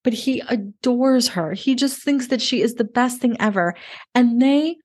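A woman speaking as a love coach in a casual podcast conversation, animated, emotional and emphatic. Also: on the high side, measured pace.

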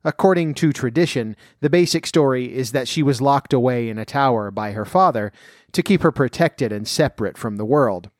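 A man reading a fairy tale aloud in a measured, even way, then talking about where the story came from. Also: mid-range voice, no echo, clean studio sound. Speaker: storyteller and folklore commentator.

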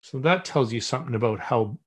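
This husky, medium-pitched male voice is expressive and a little fast. He's a middle-aged podcast guest telling a story in relaxed conversation, voicing the people he quotes and restarting many times.

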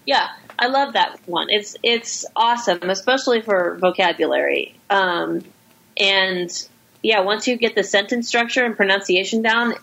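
A woman hosting a casual podcast chat, talking loosely with quick asides and frequent swearing. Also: medium pitch, creaky, a bit bright, lo-fi sound.

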